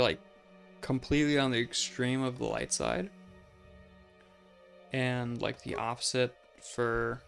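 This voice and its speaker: A man with a gravelly, fry-laced voice gives casual commentary on a game he is playing. He muses aloud in a rambling way, peppered with "like" and small laughs. Faint game music sits behind him. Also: mid-range voice, a bit bright. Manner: chatty and musing, many "like"s, laughs often. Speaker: let's play host.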